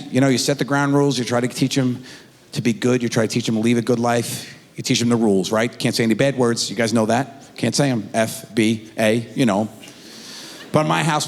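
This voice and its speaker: A middle-aged man telling a stand-up comedy story on stage, acting out his kids in high squeaky voices. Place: theater stage before a live audience. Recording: stage mic in a large reverberant hall.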